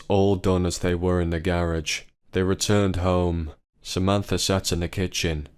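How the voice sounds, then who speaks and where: A man narrating a family drama story in an even, plain storytelling manner. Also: low voice, clear, resonant tone. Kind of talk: scripted narration.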